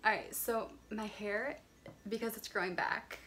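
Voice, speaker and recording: A woman's voice: medium pitch, fairly even intonation, measured pace, a bit bright, a little hiss or hum. A chatty young woman vlogging a hair tutorial, rambling with lots of filler words, recorded on her phone at home. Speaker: beauty vlogger. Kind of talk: casual hair tutorial chat. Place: warm room at home. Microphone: phone camera.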